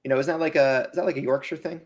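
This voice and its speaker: A man's voice: on the high side, fairly even intonation, rapid-fire. A man co-hosting a casual podcast, teasing and joking with his co-hosts. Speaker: podcast co-host.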